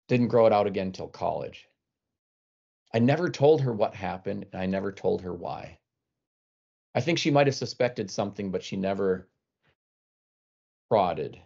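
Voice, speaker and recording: Low-voiced man telling a wry story. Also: darkish tone, dull audio. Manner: wry, conversational, acts out quoted voices. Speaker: speaker. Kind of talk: storytelling talk.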